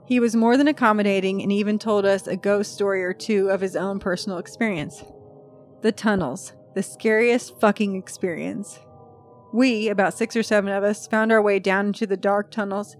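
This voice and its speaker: A woman's voice: medium pitch, fairly even intonation, normal speed, faint music behind. A woman hosting a podcast in casual chat, reading a post aloud with chatty, freely swearing asides. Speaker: podcast host.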